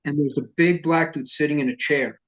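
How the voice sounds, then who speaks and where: A middle-aged man, a punk vocalist telling profane, lively stories in an oral history interview. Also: on the high side, brisk, dull audio. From New York. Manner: profane, animated storyteller who acts out quotes.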